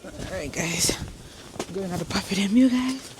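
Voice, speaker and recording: A woman's voice: medium pitch, measured pace, background noise. A young woman, chatting casually to her viewers as she vlogs on snowy streets. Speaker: vlogger. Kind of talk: casual vlog chat.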